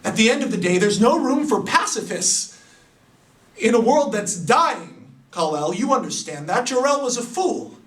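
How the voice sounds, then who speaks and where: A man voicing a scheming male alien general, smug and grandiose, in a casual story pitch. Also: big pitch swings, moderate pace, a bit bright, reverberant, recorded from a distance, exaggerated voice, poor audio.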